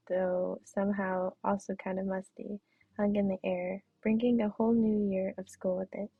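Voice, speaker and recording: A woman streamer reading a visual novel's narration aloud in a steady voice, now and then correcting herself. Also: medium pitch, gravelly, husky, no room sound. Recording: tinny phone-like mic, dry.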